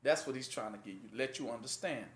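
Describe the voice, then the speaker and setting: A man teaching scripture in a casual sermon, often pausing to ask listeners to fill in the last word. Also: mid-range voice, a bit bright. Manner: rhetorical fill-in-the-blank questions to listeners; conversational, plain-spoken. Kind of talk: informal Bible teaching sermon. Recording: echoey room.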